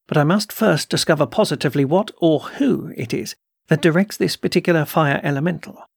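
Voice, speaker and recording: A man voicing a calm, measured occult doctor who speaks quietly and with slow deliberation in an audiobook reading. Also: fairly high pitch, vocal fry, slightly rough, dry recording, studio quality.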